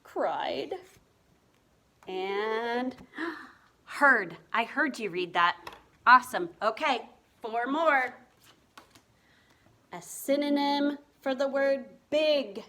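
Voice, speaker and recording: A woman's voice: a little high, animated, extremely slow, long pauses, sharp tone. A woman teaching a reading lesson to first graders, spelling words letter by letter in a patient, encouraging way. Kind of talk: remote reading lesson for young children.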